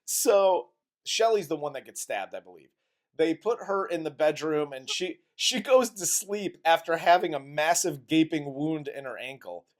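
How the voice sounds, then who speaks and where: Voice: medium pitch, lively intonation, normal speed. A co-host of a comedy movie review podcast, retelling the plot in a crude, exasperated, laughing way.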